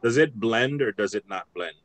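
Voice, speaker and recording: A man's voice: lowish voice, lively intonation, normal speed, a bit bright. A man teaching an online language class over a video call, patient and thinking aloud with many restarts.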